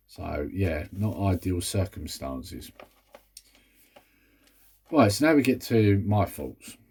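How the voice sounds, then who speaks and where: A man's voice: low-pitched, big pitch swings, slow, darkish tone, breathy edge. A British man talking casually about a film he reviews, rambling with exasperated asides. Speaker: movie review vlogger. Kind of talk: casual chat.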